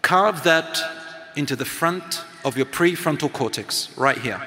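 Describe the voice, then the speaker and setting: A man's voice: on the high side, lively intonation, measured pace, bright, forceful tone, slight background noise. A middle-aged man and teacher giving a motivational talk to a live audience, engaging them with questions and activities. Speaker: speaker and teacher. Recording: long hall reverb.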